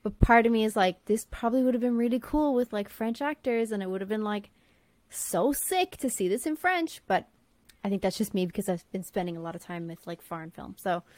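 A woman's voice: medium pitch, a little fast, darkish tone. A young woman co-hosting a casual chat reacting to a movie trailer, talking in a chatty way with lots of fillers. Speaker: co-host.

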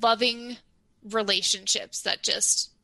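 A woman's voice: a little high, fairly even intonation, slow, gravelly, pushed and bright. A woman guest on a podcast in casual chat, gushing and effusive.

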